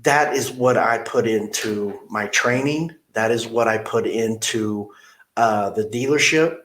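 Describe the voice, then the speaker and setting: Middle-aged man, slightly low voice, dealership manager, animated storyteller in an interview. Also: a little slow, a little hiss or hum. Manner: animated storyteller who acts out quotes.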